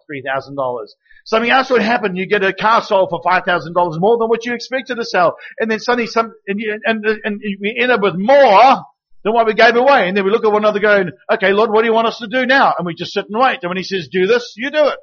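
A man with a high voice preaches as a guest speaker, acting out little dialogues as he tells his stories. At times he drops to a hushed, intimate tone. The recording sounds dull and lo-fi. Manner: animated storytelling with acted quotes. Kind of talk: sermon.

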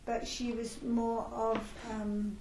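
A woman's voice: on the high side, completely flat delivery, slow, a little mellow, slight background noise. A woman in a church group chatting casually and recounting things to the group. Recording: echoey room with chatter behind.

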